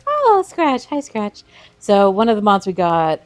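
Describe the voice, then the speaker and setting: A woman's voice: medium pitch, moderate pace, clean tone, no echo. A woman co-hosting a let's play, chatting casually and reacting as she plays. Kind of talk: casual gameplay chat.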